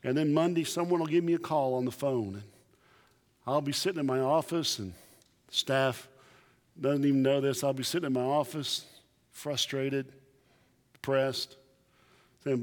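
A man pastor preaching a sermon, emphatic and animated, telling stories to his congregation. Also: mid-range voice, moderate pace, pauses often. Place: church sanctuary. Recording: long church reverb.

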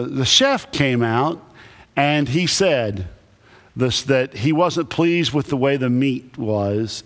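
A man who is a Baptist pastor, preaching a sermon with emphatic, animated delivery and lots of repetition. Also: medium pitch. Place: church sanctuary. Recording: echoey church hall.

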